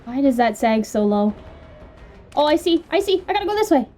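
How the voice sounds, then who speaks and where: Excitable woman narrating her gameplay. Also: sits high, brisk, faint music behind. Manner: excitable, talks to the game, squeals and laughs. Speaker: gamer playing on a video channel. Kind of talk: casual let's-play commentary.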